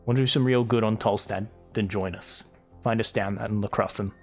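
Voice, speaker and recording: A man voicing a stern, gruff male dwarf leader while reading game dialogue aloud, in a clipped manner. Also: on the low side, fairly even intonation, brisk, soft background music.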